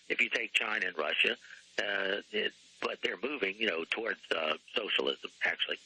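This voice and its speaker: A man with a sharp, tense and husky voice, talking as a guest author on a radio talk show. He rambles, clears his throat often and spells out names letter by letter. The sound is dry and close. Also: on the low side, animated, a little fast, no echo, low-quality recording.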